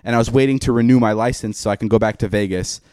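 A young man with a lowish voice tells a story on a podcast in casual chat. He swears freely and acts out every voice in it. The sound is close and dry, with no room around it. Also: quick pace, smooth, dry recording. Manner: profane, animated, acts out quoted dialogue. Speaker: podcast host.

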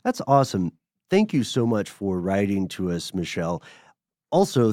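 Easygoing low-voiced male podcast host from Tennessee. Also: mellow, no echo, studio quality. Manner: easygoing, laughs often, thoughtful. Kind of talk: casual podcast chat.

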